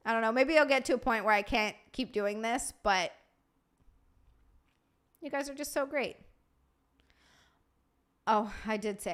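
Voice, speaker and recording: A woman hosting a livestream, rambling warmly through thank-yous, tired from lack of sleep. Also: high-pitched. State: sleep-deprived. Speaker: livestream host. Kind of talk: casual stream sign-off chat.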